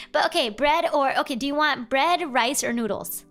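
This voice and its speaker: A young adult woman streaming casual advice chat, animated and playful, jumping up in pitch for emphasis. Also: measured pace, soft background music. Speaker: vtuber streamer giving advice.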